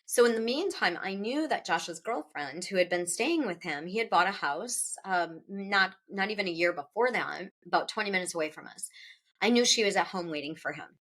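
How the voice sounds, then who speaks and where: A middle-aged woman, an author being interviewed, recounting a personal loss in a halting, emotional way, with restarts and pauses and her voice rising at the hardest moments. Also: medium pitch, animated, a bit bright. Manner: halting, with restarts and pauses; voice rises when recalling distress.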